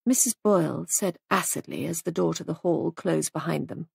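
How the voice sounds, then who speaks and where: A woman narrating a mystery audiobook in a measured storytelling manner, recorded close to the mic. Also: deep voice, creaky, slightly rough, no room sound.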